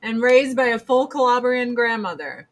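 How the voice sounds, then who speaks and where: A woman hosting a podcast, ranting in a casual, profane, heated way with sudden loud outbursts. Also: a little high, animated, normal speed. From United States. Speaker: podcast host.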